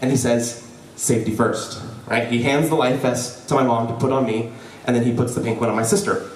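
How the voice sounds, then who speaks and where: A young man telling a personal story live before an audience, lively and joking, with frequent "right?" asides to the crowd. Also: medium pitch, a little fast. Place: event hall before an audience. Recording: roomy hall, voice from a distance.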